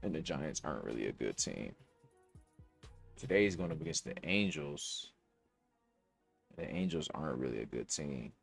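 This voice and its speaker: A man's voice: rumbling low, expressive, normal speed, creaky, pauses often, breathy edge. A young man hosting a podcast, casually thinking aloud about sports bets with slang and cursing. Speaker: podcast host. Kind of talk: casual sports betting talk. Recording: dry close mic, faint music.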